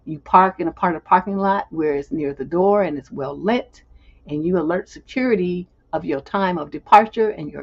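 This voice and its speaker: A woman's voice: fairly low pitch, breathy edge, dull audio. A middle-aged woman hosting a live relationship advice stream, speaking bluntly and emphatically, with some profanity. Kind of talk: live advice stream, answering a viewer letter.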